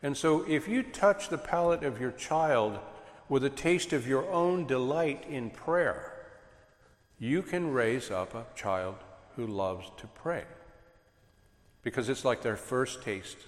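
A man preaching earnestly to a congregation about raising children, animated as he makes his points. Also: medium pitch, slow pace. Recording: echoey hall with long reverb.

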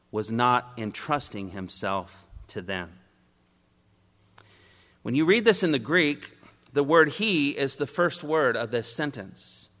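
Male preacher, expository sermon, emphatic triads, bright and forceful, long hall reverb. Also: mid-range voice. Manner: emphatic, builds points in repeated rhetorical triads.

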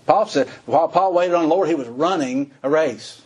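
A man preaching a sermon in a folksy way, laughing between points and climbing high in pitch when he stresses something. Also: moderate pace, slightly rough.

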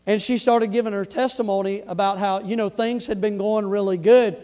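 Preacher, man, fairly high voice, sermon storytelling with big loud-to-quiet swings and repeated phrases. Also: steady tone, brisk. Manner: swings from loud, rising build-ups to hushed, low delivery.

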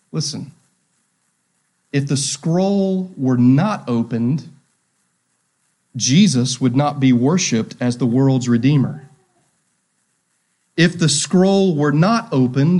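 A man's voice: medium pitch, a little mellow. A male pastor preaching a sermon, asking rhetorical questions and repeating key phrases.

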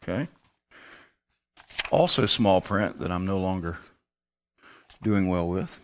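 A male pastor teaching from scripture in a relaxed, conversational way, explaining each step of his study. His pitch moves a lot, rising high when he gets excited. He drops into low muttered asides now and then. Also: slow pace, slight background noise. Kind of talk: Bible teaching sermon.

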